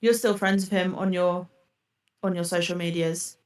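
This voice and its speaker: A woman's voice: lowish voice, fairly even intonation, normal speed, darkish tone, far from the mic. A woman streamer ranting furiously on a live reaction stream, swearing and throwing accusations.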